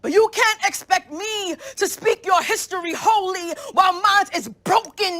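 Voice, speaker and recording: High bright young woman performing spoken word. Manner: rhythmic, rhyming, emphatic delivery. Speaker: student poet.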